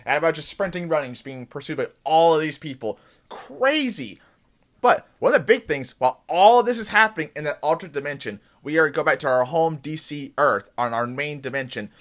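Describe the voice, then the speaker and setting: A man hosting a TV after-show, giving a casual, excited recap of an episode and acting out the characters' lines as he goes. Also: a little high.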